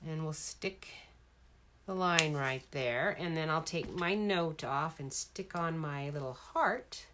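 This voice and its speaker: Lowish-voiced lady rambling while she makes cards, paper crinkling, noisy room. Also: slow. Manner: chatty, rambling, self-talk while working. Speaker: card-making crafter. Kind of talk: casual crafting demo chat. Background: paper crinkling and stamp clicks.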